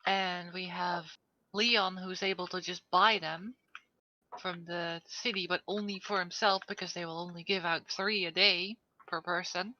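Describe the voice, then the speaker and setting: A woman playing in a tabletop game, practical and measured, over dull lo-fi call audio. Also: fairly low pitch, steady tone, bright, forceful tone, no room sound. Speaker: player.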